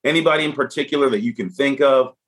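A middle-aged man with a husky, slightly breathy voice talks casually as a podcast guest. He tells his stories in an animated way and acts out what people said in them. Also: mid-range voice, fast talker. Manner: animated, acts out quoted speech. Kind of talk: casual conversational storytelling.

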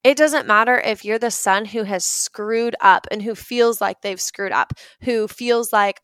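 A woman's voice: mid-range voice, measured pace, hardly any pauses, fairly bright tone, clean tone, no room sound. A young adult woman hosting a casual motivational talk, chatty and earnest, often using "like" as a filler.

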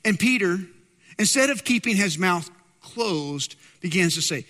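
A man's voice: high-pitched, expressive, unhurried, pushed and bright. A man preaching a sermon in an emphatic storytelling manner, repeating key words for weight, in a long echoing hall.

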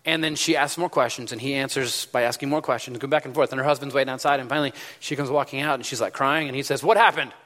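A man's voice: medium pitch, fairly even intonation, quick pace, hardly any pauses, a bit bright. A man preaching a sermon, telling a story in a loose, conversational way with many fillers. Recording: long hall reverb.

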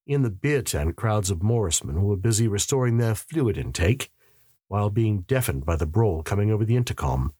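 A man's voice: lowish voice, animated, normal speed, warm tone, breathy edge, dry recording, studio quality. A man narrating a story in the first person with a wry, sardonic manner.

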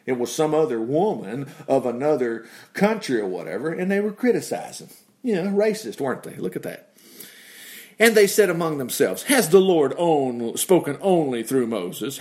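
A man teaching from the Bible in a conversational preaching style, breaking off for asides and exclamations and chuckling as he explains. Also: a little high. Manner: animated, with frequent asides and exclamations.

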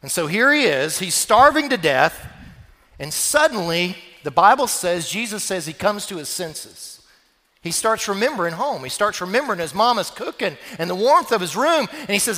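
Brief: high-pitched male pastor, dramatic sermon storyteller, long church reverb. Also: very animated, normal speed, pushed and bright.

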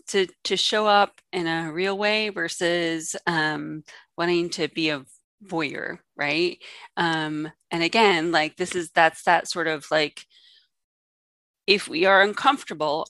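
A woman's voice: lowish voice, fairly bright tone, dry recording. A woman co-hosting a discussion, speaking thoughtfully with frequent ums and restarts. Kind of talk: reflective conversational discussion.

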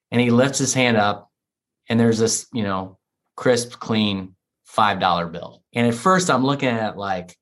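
A man's voice: medium pitch, moderate pace, fairly bright tone. A middle-aged man from the United States, an author telling a heartfelt personal story in an interview. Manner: earnest, heartfelt, emotional retelling. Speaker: author, guest.

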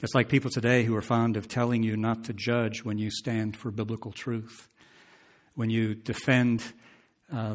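Delivering an expository sermon, a man with a voice on the low side talks conversationally and poses questions to his listeners. When he reads scripture aloud, his emphasis builds.

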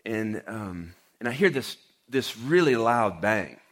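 A man's voice: lowish voice, lively intonation, slow, a bit bright. A man, a pastor, giving a conversational sermon and telling a personal story with casual fillers and acted-out quotes.

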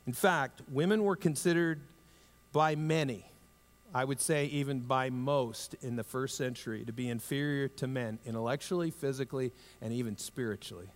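Man preaching in a reverberant church. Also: normal speed. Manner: conversational preaching, rises in emphasis, drops low for tender asides. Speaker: pastor. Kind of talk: sermon. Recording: long hall reverb.

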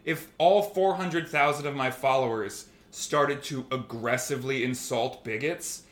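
A man's voice: mid-range voice, a little slow, fairly bright tone, roomy sound. A man co-hosting a podcast, arguing heatedly and mocking online trolls with put-on voices. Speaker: podcast co-host. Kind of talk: heated casual debate.

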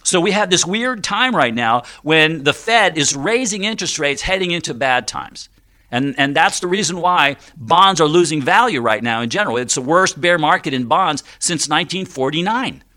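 Bright-voiced male radio finance host. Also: a little high, expressive, moderate pace. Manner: chatty, jokey, explaining step by step with frequent fillers. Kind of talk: conversational radio talk.

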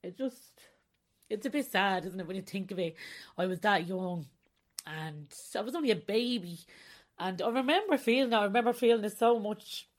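A woman in her forties hosts a podcast, speaking candidly and confessionally about herself in a personal monologue and frequently breaking into laughter. Her voice is medium-pitched and expressive, at normal speed.

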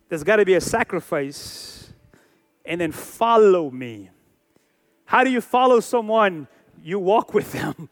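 High-voiced man in his forties preaching. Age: 40s. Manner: emphatic preaching with repeated phrases and rhetorical questions. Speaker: pastor. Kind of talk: sermon.

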